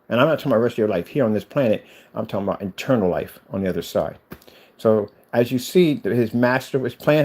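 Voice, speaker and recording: Excited man, casual vlogger, veers into fervent preaching, mid-pitched voice. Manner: fast, excited, with religious exhortation. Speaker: vlogger showing his studio build.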